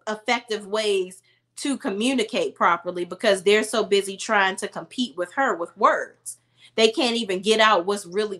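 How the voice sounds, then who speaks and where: A woman's voice: mid-range voice, fairly bright tone. Blunt, slangy woman recapping reality TV. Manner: blunt, exasperated, slangy storytelling. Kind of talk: opinionated casual commentary.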